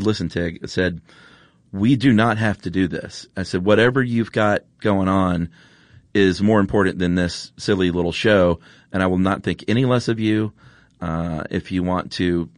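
A man's voice: deep voice, no room sound, clean studio sound. A man hosting a podcast, telling a story in a casual, earnest way with plenty of fillers. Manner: earnest, emotional, chatty with many fillers. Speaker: podcast host. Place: podcast studio.

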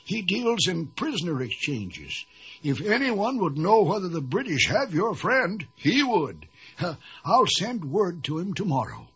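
Courteous, kindly doctor. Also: male voice, high voice, wildly swooping pitch, measured pace, slightly rough, heavily acted. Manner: gentle, courteous, reassuring. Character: kindly gentleman doctor, older. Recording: dull lo-fi audio.

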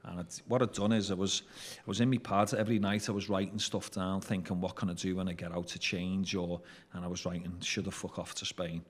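A man's voice: sits low, little pitch movement, brisk. A man with a Scouse accent telling stories casually in an interview, swearing freely and acting out what people said. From Merseyside, England. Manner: swears freely, acts out quoted dialogue. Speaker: interview guest, former prisoner. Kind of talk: casual storytelling.

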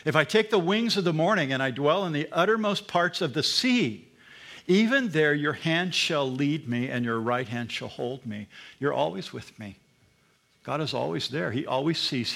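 A man's voice: fairly high pitch, vocal fry, a bit bright. A middle-aged man, a pastor, preaching a sermon in an earnest, emphatic way that often rises into bursts.

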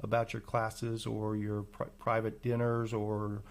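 Halting, inquisitive male podcast host. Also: on the low side, monotone. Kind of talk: casual chat. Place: remote call.

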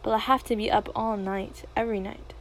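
A sly old merchant with a showman's flattering patter, as a woman reading a storybook puts him on. He talks in a light, lively way. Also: mid-range voice, a little fast, a little hiss or hum, lightly acted, poor audio. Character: sly smooth-talking old male merchant.

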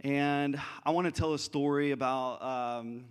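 A man's voice: medium pitch, fairly even intonation, measured pace, clear, resonant tone. A young man preaching a sermon as pastor, earnest and conversational, often restarting his sentences.

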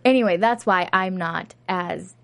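A woman's voice: on the low side, gravelly, a bit bright. A woman co-hosting a TV after-show, chiming in and laughing readily as she chats casually about an episode. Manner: bubbly, quick to laugh and chime in. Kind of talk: casual chat recapping an episode.

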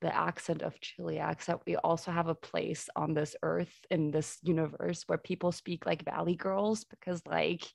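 A woman's voice: low voice, level tone, normal speed, gravelly, few pauses, no echo, studio quality. A woman playing in a tabletop game, teasing the other players in playful banter.

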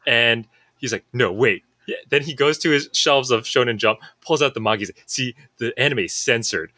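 A man's voice: medium pitch, moderate pace, no echo. A man in his thirties on a podcast, telling a childhood story in casual chat, acting out what his friends said. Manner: animated storyteller, acts out quoted friends. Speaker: podcast co-host.

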